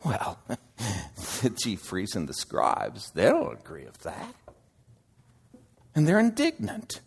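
A man preaching a sermon, slow and deliberate, swinging between loud emphasis and hushed asides. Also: fairly low pitch, wildly swooping pitch, gravelly, slightly rough.

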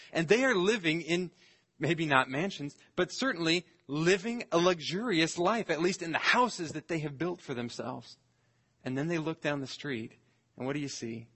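A man, a pastor, preaching an earnest expository sermon, slowing down to stress scripture phrases. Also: fairly high pitch, a bit bright.

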